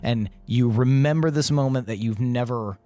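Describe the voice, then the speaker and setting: A man narrating a tabletop game as game master, relaxed and quick to laugh. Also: medium pitch. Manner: easygoing, laughs often.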